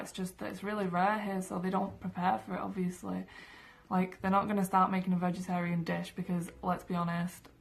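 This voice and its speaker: A woman's voice: on the low side, vocal fry. A young woman from England, telling stories to camera in her room in a chatty way full of fillers. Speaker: vlogger. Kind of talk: casual storytelling to camera.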